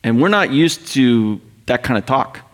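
A middle-aged man preaching a sermon to his church in a conversational, animated way, often acting out the voices he quotes. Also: medium pitch, a little slow. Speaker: pastor.

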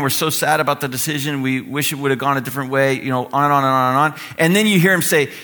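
A man preaching a sermon in a conversational, animated way, acting out the voices he quotes. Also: on the high side. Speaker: pastor.

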